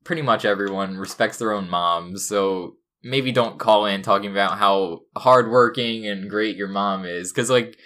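Recording from a dorm room, a young man co-hosts a casual comedy podcast, rambling along in a mock-earnest manner. His voice is on the low side but fairly bright, at normal speed with few pauses.

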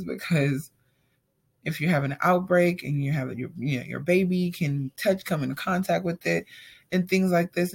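A woman's voice: low-pitched, vocal fry, breathy edge. A young woman telling a personal story in a casual monologue, acting out the dialogue as she retells it and using "like" often. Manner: animated retelling, acts out quoted dialogue, frequent "like".

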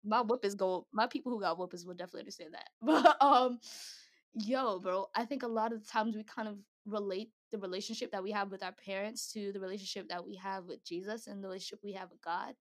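A woman's voice: mid-range voice, quick pace. A young woman giving a casual devotional talk to a Christian group, chatty and slangy, often laughing. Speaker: speaker at a Christian gathering.

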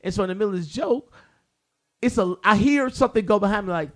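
A man with a high-pitched voice tells a story in casual chat, swearing freely and acting out the people in it. He is a comedian, lively and loose. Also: fast. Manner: animated, profane, acts out quotes.

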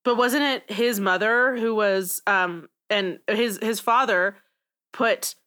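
A woman's voice: mid-range voice, slow pace, bright, forceful tone. A young woman co-hosting a podcast in casual chat, talking emphatically with frequent laughter. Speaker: podcast co-host.

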